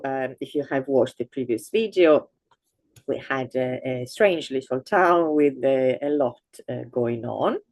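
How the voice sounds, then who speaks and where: A woman teaching an online language lesson, explaining slowly with many fillers and restarts, and exaggerating intonation for learners. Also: rumbling low, darkish tone, no echo.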